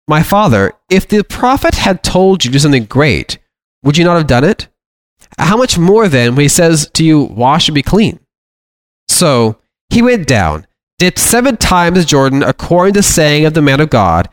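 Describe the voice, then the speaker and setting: A man's voice: a little high, dry recording. A man teaching a Bible lesson, reading long scripture passages aloud and then explaining them in plain, earnest words.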